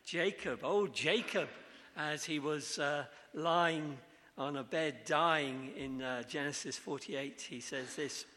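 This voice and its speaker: A man preaching a sermon, earnest and measured, asking the congregation questions. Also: a little high, pushed and bright. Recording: long hall reverb.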